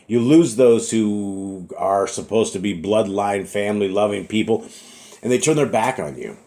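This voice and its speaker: Earnest low-voiced man preaching. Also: normal speed, mellow. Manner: earnest, repetitive, clears throat often. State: slight cough. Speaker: religious teacher. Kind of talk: informal preaching monologue.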